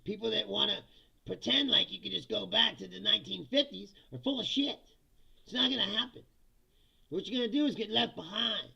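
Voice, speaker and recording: Middle-aged male streamer, high bright gravelly voice, profane and jokey, slightly dull lo-fi audio. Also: brisk. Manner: laughs often, profane, reads chat comments aloud and answers. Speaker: livestream host reading chat. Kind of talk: casual ranting political comedy stream.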